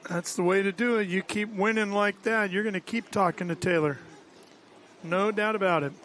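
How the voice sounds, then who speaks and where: A man providing race commentary in a brisk, enthusiastic broadcast manner. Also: sits high, fairly bright tone, a little hiss or hum.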